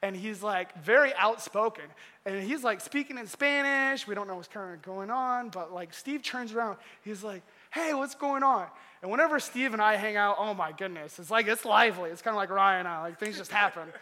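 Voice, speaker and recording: A young man telling a story during a casual sermon, animated and full of laughs and filler words. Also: high-pitched, normal speed. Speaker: youth pastor. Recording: long hall reverb.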